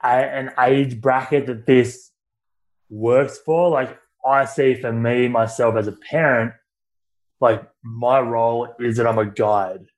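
A male podcast host chats casually with his guest. He speaks at an unhurried pace and in a mid-range voice, and asks thoughtful questions. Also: medium pitch, steady tone. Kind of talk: casual interview talk.

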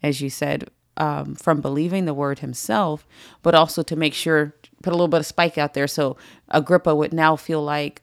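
Woman Bible study teacher, low gravelly voice, emphatic, dry close sound. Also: fairly even intonation, normal speed, no echo. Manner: emphatic, repeats phrases for stress.

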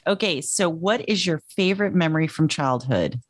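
A woman's voice: low-pitched, animated, moderate pace, no echo, studio quality. A woman hosting a podcast, chatting casually and with enthusiasm. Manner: bubbly, enthusiastic. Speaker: podcast host.

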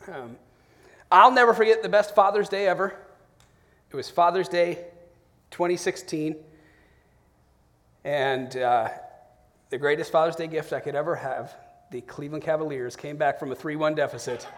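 Preacher man with a lively, slightly high voice. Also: moderate pace, pauses often. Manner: warm storytelling with animated bursts and soft reflective drops. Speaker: pastor. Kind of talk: sermon.

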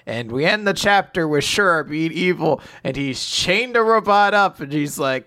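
Man, podcast co-host, bright voice, slightly high, jokey, laughing. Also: expressive, moderate pace. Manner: laughing, joking, acting out quotes. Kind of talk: casual chat recapping a manga chapter.

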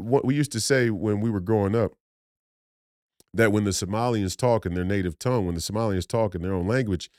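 A man's voice: deep voice, a little mellow, no room sound, studio quality. A man from Minnesota hosting a podcast, delivering an emphatic, preachy political monologue with many restarts and repeated phrases. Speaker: podcast host.

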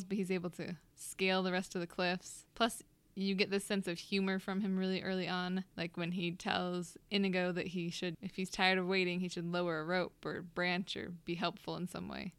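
A woman co-hosts a podcast, recounting a story in a lively, casual way. Her voice is smooth and clear, a touch lower than most, and the sound is dry and close. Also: a little fast, few pauses, no room sound. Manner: animated storytelling recap. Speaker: podcast co-host. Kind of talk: casual chat.

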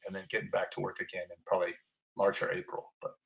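A man telling a personal story in an interview, animated and emotional, gasping and exclaiming as he relives it, rambling with many restarts. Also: deep voice, fast talker, gravelly. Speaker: interview guest.

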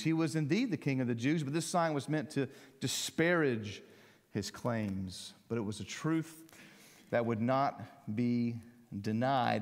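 A man's voice: medium pitch, moderate pace. Emphatic male preacher in echoey hall. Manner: emphatic, rising to loud peaks then dropping quiet. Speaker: pastor. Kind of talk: sermon. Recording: long hall reverb.

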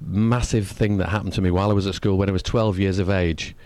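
A man from England with a Manchester accent, a musician guest talking quickly and eagerly in a casual interview. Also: sits low, steady tone, darkish tone, dry recording. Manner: quick, eager, tends to rush.

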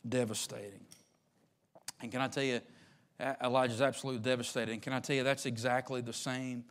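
A man preaching a sermon as pastor, dropping to a hushed low voice and then climbing to loud, shouting peaks, repeating phrases in a folksy way.

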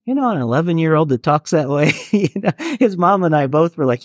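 A man's voice: fairly high pitch, animated, brisk, hardly any pauses, dry recording, studio quality. A middle-aged man, a worship leader, talking earnestly and conversationally to a group, with restarts and asides. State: getting teary. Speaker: worship leader and chaplain teaching a workshop. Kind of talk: talk to a live group.

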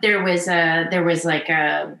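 A woman in casual chat, relaxed and adding to a shared story. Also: on the low side, unhurried, creaky, reverberant.

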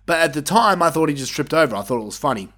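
A man hosting a wrestling podcast, giving a casual, opinionated review monologue with plenty of swearing and bursts of excitement. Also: on the high side, fast.

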